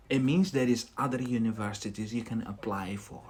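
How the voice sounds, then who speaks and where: A man's voice: on the low side, steady tone, brisk, few pauses, darkish tone. A man from Scotland, teaching English idioms on a live stream in a chatty way, often checking in with "yeah?".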